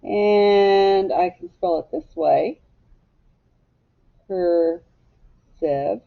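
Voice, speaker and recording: A woman teacher leading a phonics lesson for young children, clearly drilling sounds and words for them to echo. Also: lowish voice, expressive, slow pace, narrow, tinny audio.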